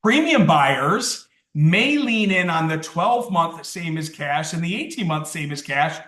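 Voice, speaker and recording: A man's voice: a little high, lively intonation, measured pace, bright, forceful tone. A man training contractors in sales, talking with energy and acting out customer dialogue. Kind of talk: coaching session for contractors. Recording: roomy, distant from the mic.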